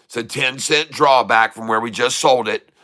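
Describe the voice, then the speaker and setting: A man giving excited live commentary on his own stock trades, hyping the moves like a showman and repeating prices over and over. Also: medium pitch. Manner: showman hype, drawn-out exclamations, repeats prices. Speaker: day trader streaming live.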